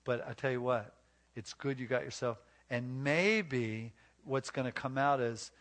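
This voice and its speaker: A man's voice: mid-range voice, a little slow, a bit bright. A man speaking at a marriage retreat, preaching emphatically and coaching volunteers through role-play. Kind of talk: sermon-like teaching with live role-play.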